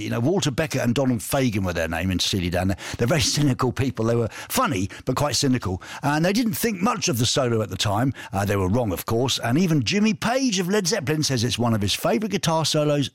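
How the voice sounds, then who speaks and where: A man's voice: medium pitch, no room sound, studio quality. A man hosting a casual radio show, chatty and jokey, reading out messages and poking fun at himself. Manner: jokey, chatty, self-mocking. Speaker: radio host.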